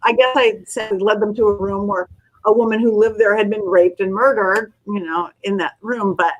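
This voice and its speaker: A woman's voice: medium pitch, moderate pace, dull audio. A middle-aged woman, a guest psychic medium, telling stories in a casual interview and acting out the voices of the people in them. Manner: animated storyteller, acts out quoted voices.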